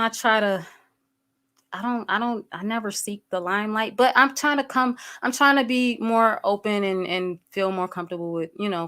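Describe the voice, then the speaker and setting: A woman's voice: medium pitch, a bit bright, clear, resonant tone. A woman hosting a livestream, talking candidly to her viewers and greeting people in the chat as they arrive. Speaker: livestream host.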